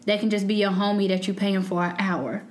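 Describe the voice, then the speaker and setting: A woman co-hosting a relaxed group podcast, her pitch sitting in an ordinary middle range. She talks earnestly and rambles, filling her sentences with "like" and "you know". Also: fairly quick, slight background noise. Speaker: podcast co-host. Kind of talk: casual group podcast chat.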